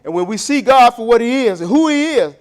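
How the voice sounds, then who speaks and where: High-voiced preacher, rising and dropping. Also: male voice, lively intonation, brisk. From Southern United States. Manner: swings between loud emphatic bursts and low, quiet asides, stretching key words. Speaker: pastor. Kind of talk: sermon. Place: church sanctuary.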